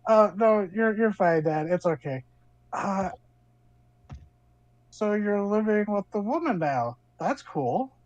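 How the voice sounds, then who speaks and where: A woman's voice: mid-range voice, lively intonation, takes it slowly, long pauses, darkish tone, dry recording, muffled recording, pitched above the performer's own voice. A man voicing a teenage girl who is hesitant and teasing on the phone with her father.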